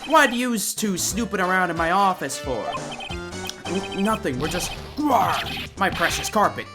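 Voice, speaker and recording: A woman voicing a loud, rough-talking middle-aged mob boss in a game playthrough, using slangy threats. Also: lowish voice, lively intonation, measured pace, loud music behind the voice, pitched above the performer's own voice. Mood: menacing.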